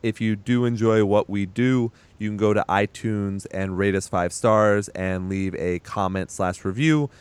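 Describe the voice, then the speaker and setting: A man's voice: on the low side, unhurried, hardly any pauses, clean tone, no room sound. A man hosting a casual podcast, joking around and laughing often with his co-hosts. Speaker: podcast host. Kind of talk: casual chat.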